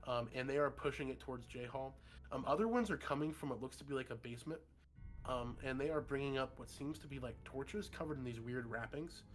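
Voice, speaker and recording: A man running a horror tabletop session as game master over a voice call. He narrates loosely in a mid-range voice, with plenty of "um" and "like", and soft music plays behind him. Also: mid-range voice, a little fast. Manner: casual, loose, many fillers.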